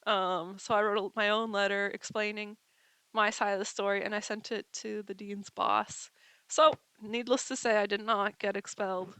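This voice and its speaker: A woman's voice: medium pitch, fairly even intonation, moderate pace, a bit bright, clear, resonant tone, dry recording. A woman telling a story casually at home, chatty and full of filler words, her lungs tired from being sick. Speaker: vlogger.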